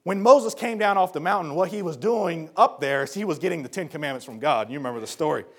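Male preacher, sermon, high pitch, gravelly, folksy, earnest, shifts from low talk to shouting. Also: expressive, quick pace. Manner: swings between low explanation and shouted appeals.

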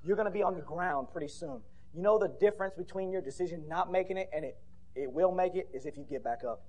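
A man preaching a fiery sermon at a church conference, building to shouted peaks with repeated rhetorical questions. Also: high voice, fast.

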